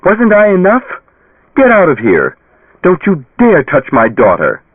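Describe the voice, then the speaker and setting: A woman's voice: on the low side, wildly swooping pitch, unhurried, slightly rough, no echo, voice pushed up, heavily acted. A male narrator voicing an enraged, protective mother who shrieks at an intruder, in a thin phone-like recording. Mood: furious. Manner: shrieking, raging shouts. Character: frantic mother, furious and protective. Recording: tinny phone-like audio.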